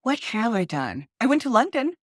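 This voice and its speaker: A woman, a guest author chatting in an interview, excitable and quick to laugh. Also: a little high, no echo, studio quality. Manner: bubbly, laughs often, excitable. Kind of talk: casual interview chat.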